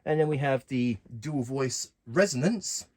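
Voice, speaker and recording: A man casually walking through keyboard functions in a relaxed, plain way, talking while he presses buttons. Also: medium pitch, measured pace. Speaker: keyboard tutorial host. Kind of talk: casual instructional walkthrough.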